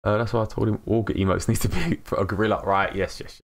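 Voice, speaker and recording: British guy streaming a game, deep gravelly voice, mumbly and slurry, chuckles a lot. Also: fairly even intonation, quick pace, slight background noise. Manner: mumbles and slurs words, laughs often. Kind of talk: casual live-stream chat while playing.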